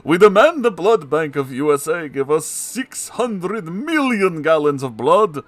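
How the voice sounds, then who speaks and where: A man voicing a menacing male vampire gangster boss in a loud, over-the-top villain voice. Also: a little high, sing-song, unhurried, no room sound, pitched above the performer's own voice.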